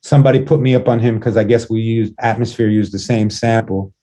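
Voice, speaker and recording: A man sits in as a guest musician, talking in a casual, laid-back way. His voice is mellow and warm, his stories wander with frequent restarts, and he swears freely as he goes. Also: on the low side, steady tone, brisk, low-quality recording. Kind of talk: casual interview chat.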